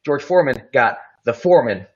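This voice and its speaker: A man's voice: mid-range voice, lively intonation, brisk, highs cut off. A man hosting a podcast in casual chat, telling rambling stories full of hedges and fillers. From Tampa, Florida area. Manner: rambling storyteller, hedging with "I believe" and "uh". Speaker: podcast host.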